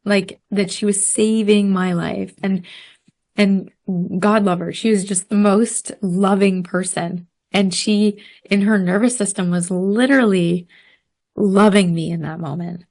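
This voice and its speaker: A woman telling a story in casual podcast chat, animated, laughing often and using many fillers. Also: mid-range voice, unhurried. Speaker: podcast guest.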